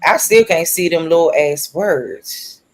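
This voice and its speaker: A co-host on a casual discussion stream, talking in a relaxed, hurried way while looking something up. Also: medium pitch, no room sound, poor audio.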